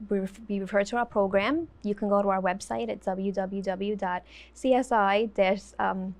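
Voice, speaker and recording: A woman answering interview questions about her program, earnest and quick to laugh. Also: medium pitch, steady tone, a little mellow. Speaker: guest, autism program worker.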